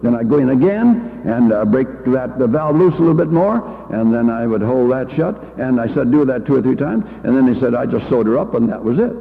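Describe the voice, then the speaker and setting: A man's voice: mid-range voice, expressive, brisk, vocal fry, hardly any pauses. An older man and church education leader giving a folksy, anecdotal talk full of homespun stories and fillers, heard on an old reel-to-reel recording. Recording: tinny old reel-to-reel in a hall.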